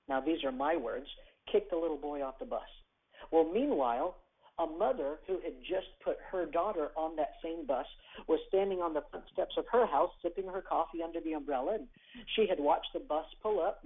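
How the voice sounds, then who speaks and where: A guest on a call-in show telling a story with energy, acting out the people in it and shifting loudness and pace. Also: mid-range voice, breathy edge. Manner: acts out quoted characters, varies loudness and pace. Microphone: telephone. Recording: tinny phone line.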